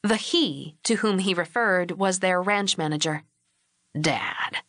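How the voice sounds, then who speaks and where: A woman narrating an audiobook in a measured, even storytelling manner, recorded on a close mic. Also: lowish voice, dry recording. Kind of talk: scripted narration.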